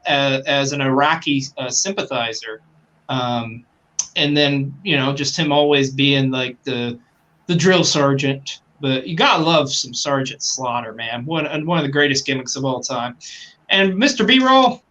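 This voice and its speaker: A man's voice: fairly high pitch, a little slow, pushed and bright, muffled recording. A man co-hosting a podcast, chatting casually and enthusiastically, rambling with fillers and swearing now and then. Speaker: podcast co-host. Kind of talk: casual chat.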